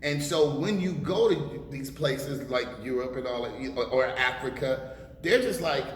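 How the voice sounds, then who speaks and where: A man's voice: mid-range voice, lively intonation, measured pace. A man in his forties, a rapper being interviewed, talking bluntly and emphatically with a lot of swearing. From United States. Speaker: rapper guest. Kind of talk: casual interview talk. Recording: echoey room with long reverb and faint hiss.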